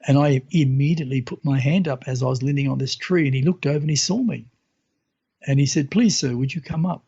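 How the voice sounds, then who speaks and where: A man in casual talk, telling of a spiritual experience with many fillers and lively quoted voices. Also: mid-range voice, fairly quick, gravelly, husky, highs cut off. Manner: animated retelling, hesitant with fillers, voices others in quotes. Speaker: guest sharing spiritual experiences. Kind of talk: casual storytelling.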